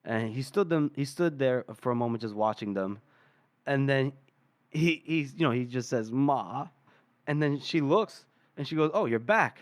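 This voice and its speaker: A man's voice: medium pitch, normal speed, dry recording. A man hosting a podcast, loosely retelling a chapter with fillers and laughs. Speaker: podcast host. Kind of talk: casual chapter recap.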